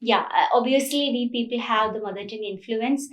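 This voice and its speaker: A woman's voice: a little high, brisk. Lecturing woman in an echoey room. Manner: explanatory, frequent "so" and "uh" fillers, self-rephrasing. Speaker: college lecturer. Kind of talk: recorded online lecture. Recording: roomy echo, mic at a distance.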